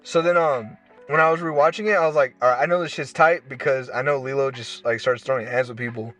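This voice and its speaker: A man's voice: medium pitch, fairly even intonation, quick pace, a bit bright, soft background music. A man co-hosting a podcast, chatting in a loose, slangy, rambling way. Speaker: podcast co-host. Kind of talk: casual chat.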